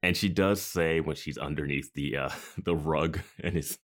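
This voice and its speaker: Male podcast co-host, extremely low voice, rambling casual talker. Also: a little slow, a bit bright. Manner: rambling, restarts thoughts mid-sentence. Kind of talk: casual chat.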